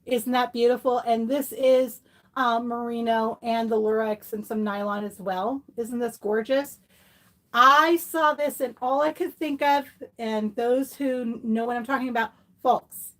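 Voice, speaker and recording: A woman's voice: fairly high pitch, fairly even intonation, a little slow. A middle-aged woman chatting casually through a yarn haul, gushing and chatty with lots of fillers and asides. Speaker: fiber crafts vlogger.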